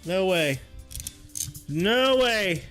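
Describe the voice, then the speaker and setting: A man hosting a live stream in relaxed, rambling chat, laughing often as he talks. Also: high-pitched, very slow, soft background music. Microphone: headphones on.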